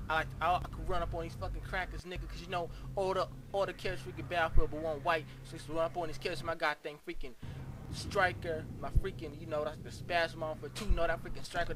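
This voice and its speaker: A man's voice: a little high, natural voice. A man playing a brash, profane, street-talking young gamer who rambles and stammers through a comedic rant review. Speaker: game reviewer. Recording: noisy home recording.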